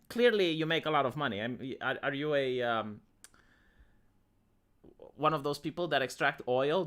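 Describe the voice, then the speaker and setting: A man's voice: fairly high pitch, bright, forceful tone. A young man chatting bluntly with his live-stream chat, swearing often as he answers comments.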